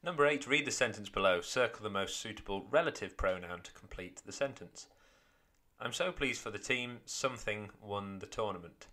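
A man, a teacher, walking through grammar test answers step by step in a clear explaining manner. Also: on the low side, lively intonation, normal speed, bright, forceful tone. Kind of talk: exam walkthrough lesson.

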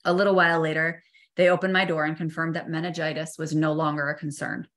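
A middle-aged woman with a low voice reads her own memoir aloud. She keeps a measured, soft pace and slows down for tender passages, like a therapist telling her own story. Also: level tone. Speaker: therapist reading her own book chapter. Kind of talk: personal memoir reading.

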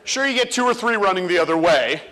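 A man giving a comic talk on stage, acting out children and teachers in an animated way. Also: high-pitched, fast. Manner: animated, acts out kids and teachers. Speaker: speaker.

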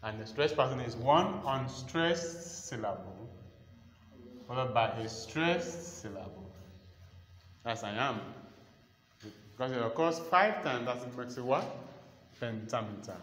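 A man's voice: mid-range voice, lively intonation, a bit bright. Male lecturer repeating terms in echoey hall. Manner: slow, repeats key terms to dictate notes. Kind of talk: classroom lecture. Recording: echoey hall with faint ambience.

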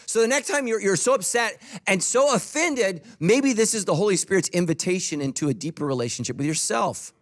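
A man's voice: high-pitched, lively intonation, brisk, hardly any pauses. A middle-aged man preaching a sermon as pastor, conversational and joking, acting out quoted voices. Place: church auditorium.

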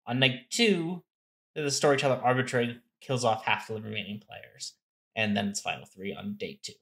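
A man's voice: mid-range voice, normal speed, vocal fry, fairly bright tone. A man co-hosting a casual game-strategy talk, explaining step by step and thinking aloud with restarts. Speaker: co-host.

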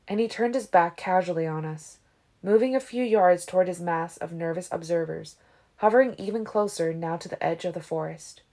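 A woman reading a novel aloud as an audiobook, with steady, even storytelling. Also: fairly low pitch, fairly quick. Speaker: audiobook reader. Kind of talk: audiobook narration.

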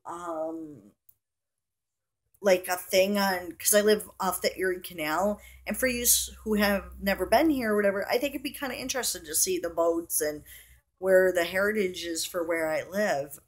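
Middle-aged woman, lowish voice, chatty, indignant, rambling, casual vlog storytelling. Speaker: vlogger.

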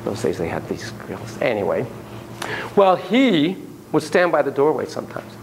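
A man lecturing a class, telling stories in an animated, playful way and acting out sound effects. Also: medium pitch, normal speed, vocal fry, a little hiss or hum, low-quality recording.

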